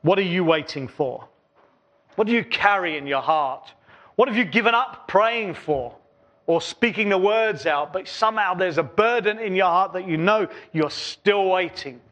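A man with a high-pitched voice preaches a sermon in church. He speaks earnestly, building phrases through repetition and letting his voice fall quieter between them. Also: lively intonation, moderate pace. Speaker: pastor.

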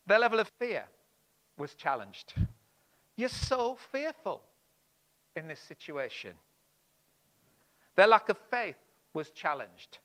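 A man preaching a sermon, expressive, swinging between loud emphasis and hushed lines. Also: high voice, slow, long pauses.

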